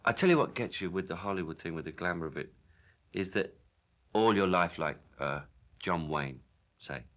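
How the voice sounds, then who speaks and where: A man with a Cockney accent spins a wry showbiz story in an interview. His voice sits low yet has a sharp, bright edge. He trips over a word now and then before pressing on. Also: lively intonation, moderate pace. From London, England. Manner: wry storytelling with hesitant restarts. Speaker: actor. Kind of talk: anecdotal interview.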